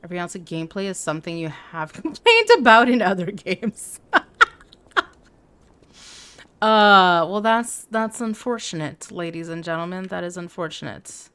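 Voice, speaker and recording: A woman's voice: on the low side, lively intonation, moderate pace, fairly bright tone, clear, resonant tone. A woman streaming a video game live, chatting casually with her viewers and reading their messages aloud. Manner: chatty, reads chat aloud, playful asides. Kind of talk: casual live gameplay chat.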